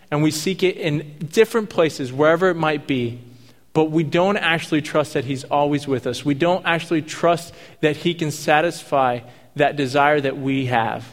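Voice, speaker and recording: Guy preaching, slightly high voice, laid-back jokey asides, long hall echo. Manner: casual, jokey asides between scripture readings. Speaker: pastor. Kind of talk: sermon.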